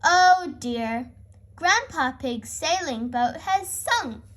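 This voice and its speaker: Expressive woman reading to kids. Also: sits high, extremely slow. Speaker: storyteller. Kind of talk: children's read-aloud narration.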